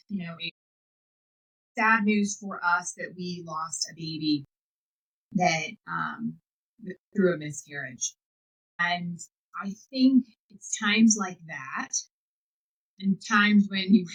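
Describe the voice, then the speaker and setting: A woman hosting a podcast as a life coach, giving an energetic, enthusiastic motivational talk. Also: medium pitch, husky, poor audio. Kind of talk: motivational monologue.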